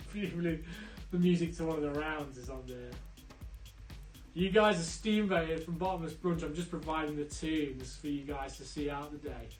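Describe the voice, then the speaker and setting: A man hosting a live online pub quiz, chatty and upbeat, teasing the players and giving them shout-outs. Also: fairly high pitch, recorded from a distance. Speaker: quiz host. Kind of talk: live-streamed quiz banter. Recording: roomy, off-mic, faint music.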